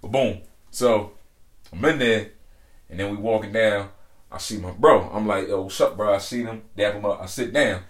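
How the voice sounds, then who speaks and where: A young man co-hosting a podcast, telling a story in a lively, slangy way. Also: lowish voice, moderate pace, roomy sound. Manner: animated storyteller, slangy, keeps saying "you feel me". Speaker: podcast co-host. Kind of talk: casual storytelling chat.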